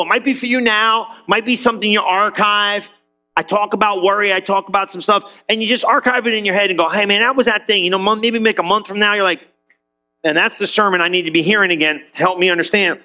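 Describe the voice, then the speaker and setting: A man with a high, bright voice preaches in a loose, chatty way. He slips into little acted-out voices and trips over his words as he restarts his sentences. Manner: conversational, acts out quoted voices; repeats himself with restarts. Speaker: pastor. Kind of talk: lively sermon.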